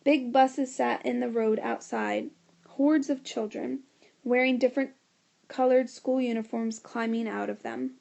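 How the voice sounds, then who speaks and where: A woman reading a children's storybook aloud, steady and expressive. Her voice sits a little high, with a gravelly grain and a mellow, dark warmth. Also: a little slow, highs cut off. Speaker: narrator.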